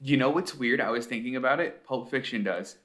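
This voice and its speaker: A man co-hosting a casual podcast chat, telling stories in a lively, animated way. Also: mid-range voice, a little fast. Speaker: podcast co-host.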